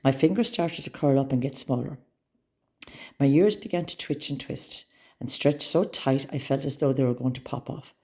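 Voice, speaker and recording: A woman reading a children's story aloud with expressive, dramatic storytelling. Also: very deep voice, normal speed.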